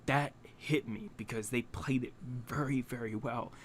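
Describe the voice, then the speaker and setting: A young man at a middle pitch speaks haltingly to camera, close to tears, swearing and stumbling through restarts. A faint hiss sits under the recording. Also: steady tone. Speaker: anime reaction channel host. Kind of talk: emotional reaction talk to camera.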